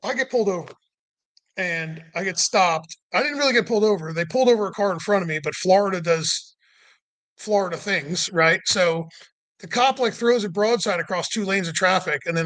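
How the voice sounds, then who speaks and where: In a fairly high, slightly bright voice and a recording free of room sound, a man rambles through a long road trip story. He leans heavily on "like" and "you know" fillers and acts out what people said, pitching his voice upward.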